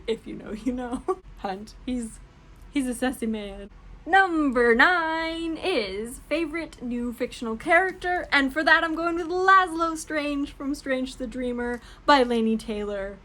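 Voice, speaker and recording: A woman's voice: high voice, a bit bright. A young woman chatting casually and gushing about books for her vlog, laughing often. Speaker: book vlogger. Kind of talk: casual book tag chat.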